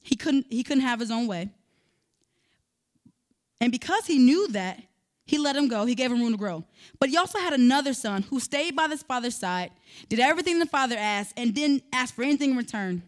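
A woman's voice: sits high, expressive, brisk. A woman preaching a sermon in a conversational way, building to emphatic, rising passages.

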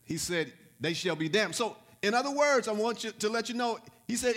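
High-voiced preaching pastor. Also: male voice, expressive, normal speed, few pauses. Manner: repetitive, rising to loud exhortation. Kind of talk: sermon.

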